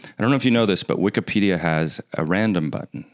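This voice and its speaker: A man hosting a comedy chat show, teasing his guest in a dry way and reading aloud slowly. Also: sits low.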